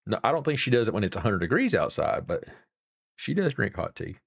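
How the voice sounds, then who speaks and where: A man's voice: lowish voice, big pitch swings, fairly quick, creaky, slightly rough, no room sound, studio quality. A man with an Appalachian accent hosting a live stream and chatting casually with viewers in a folksy, rambling, salty way. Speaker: livestream host.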